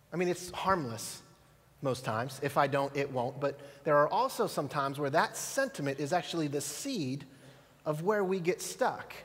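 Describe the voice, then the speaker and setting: High-voiced pastor in a reverberant hall. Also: male voice, a bit bright. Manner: storytelling, conversational, asks the audience. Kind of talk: sermon. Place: church auditorium.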